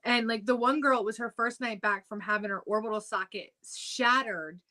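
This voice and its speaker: A woman's voice: a little high, moderate pace, sharp tone. A young woman co-hosting a casual chat show, upbeat and laughing often, with lots of "um" and "like". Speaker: podcast co-host.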